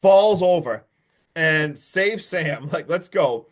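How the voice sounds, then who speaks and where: A man casually recapping a horror movie on a podcast, excitable and profane, often laughing. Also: on the high side, slow pace. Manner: excitable, profane, recounts plot with swearing and laughs. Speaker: podcast host. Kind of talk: casual movie review chat.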